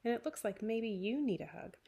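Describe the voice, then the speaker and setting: A woman voicing a kindly female mole in a storybook read-aloud, speaking gently. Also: a little high, expressive, fairly quick, gravelly, slightly rough, heavily acted.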